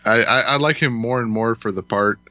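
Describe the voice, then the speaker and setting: A man's voice: mid-range voice, fairly quick, pushed and bright, no echo, highs cut off. A man hosting a podcast, emphatic and opinionated in casual chat. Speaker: podcast host.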